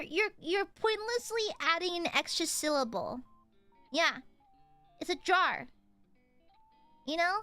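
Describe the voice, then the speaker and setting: A woman's voice: extremely high pitch, pushed and bright. A young woman with a Southern US accent, chatting playfully and laughing as she streams a game. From American South. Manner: playful, laughing, teasing chat. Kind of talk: casual game stream chat.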